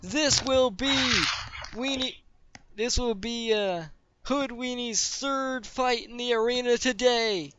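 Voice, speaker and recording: A man's voice: very high voice, takes it slowly, heavy background noise, voice pushed up. A man voicing a showy male arena announcer who stretches out his words and stumbles over the lines. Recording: dull dry lo-fi recording.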